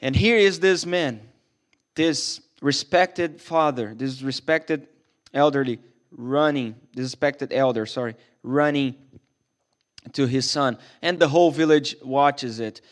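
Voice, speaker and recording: A man's voice: mid-range voice, slow pace. A man preaching a sermon as a pastor in a church, earnest and emphatic, often restarting his sentences.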